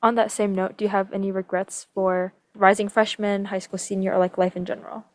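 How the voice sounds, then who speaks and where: A young woman with a mid-pitched voice hosts a podcast in a relaxed, chatty way. Her voice sounds dry and close, with no room around it. She steers the talk with easy questions. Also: a little fast, no echo. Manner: friendly, chatty, runs the segment with questions. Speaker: podcast host. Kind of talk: casual chat.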